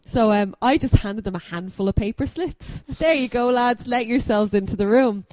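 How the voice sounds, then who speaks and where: A young woman co-hosting a podcast, telling a story briskly with self-mocking laughs. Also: a little high, darkish tone, dry recording, rough recording. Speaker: podcast co-host. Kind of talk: casual storytelling chat.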